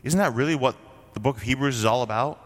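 A man's voice: medium pitch, quick pace, long reverb tail. A man from Vermont preaching a sermon as a pastor, in a conversational way with frequent rhetorical questions. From Vermont, USA.

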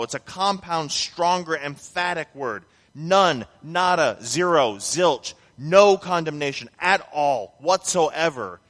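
Emphatic pastor preaching in a reverberant hall. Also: male voice, a little high, a bit bright. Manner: emphatic, builds to stressed repeated phrases. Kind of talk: sermon.

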